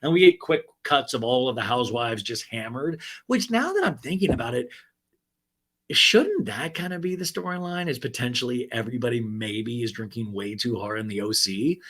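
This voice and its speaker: A man hosting a podcast, recapping a reality show in an animated, gossipy and profane casual chat. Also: mid-range voice, normal speed. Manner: animated, gossipy, profane, laughs at own jokes. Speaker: podcast host.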